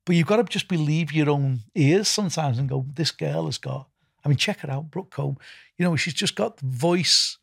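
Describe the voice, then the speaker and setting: A man's voice: on the high side, moderate pace, vocal fry, husky, no room sound, clean studio sound. A middle-aged man with a Liverpool accent answering interview questions in a rambling, casual way, repeating words and filling gaps with "you know". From England. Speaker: festival founder and music executive.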